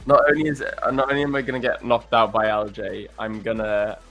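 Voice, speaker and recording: Male stream host, lower voice, loose laughing banter full of bro and mate, soft music behind. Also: fairly quick, lo-fi sound. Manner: joking, laughs often, calls people bro and mate. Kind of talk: casual banter on a live stream.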